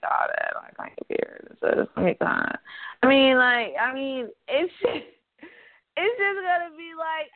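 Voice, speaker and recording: A young woman hosts a casual call-in talk show from an apartment room, blunt and profane, rambling and laughing as she goes. Her fairly high voice is gravelly, and the line sounds tinny and phone-like.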